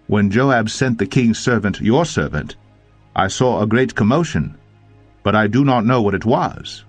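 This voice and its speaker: A man's voice: fairly low pitch, animated, a little slow, husky, dry recording, soft background music, pitched above the performer's own voice. A man voicing an eager young male runner who speaks earnestly and insistently.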